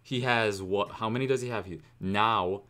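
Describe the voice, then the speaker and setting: A man's voice: medium pitch, steady tone, a little fast, a bit bright. A young man hosting a music reaction video, talking casually with lots of fillers and enthusiasm. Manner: rambling, enthusiastic, many fillers.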